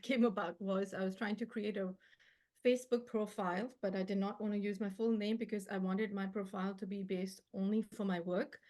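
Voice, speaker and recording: Soft-spoken woman, a healer guest. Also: medium pitch. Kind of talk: casual chat.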